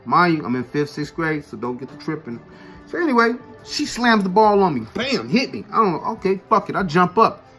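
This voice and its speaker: A man's voice: high voice, very animated, brisk, fairly bright tone, soft background music. A man casually telling a story from his school days in a laid-back, profane way, full of street slang and "you know what I'm saying". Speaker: vlogger telling a personal story.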